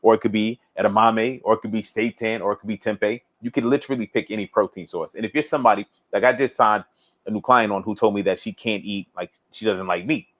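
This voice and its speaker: A man hosting a fitness livestream, chatting casually and reading viewer comments aloud, relaxed and rambling, repeating himself and laughing often. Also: on the low side, fast. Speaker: fitness coach livestream host.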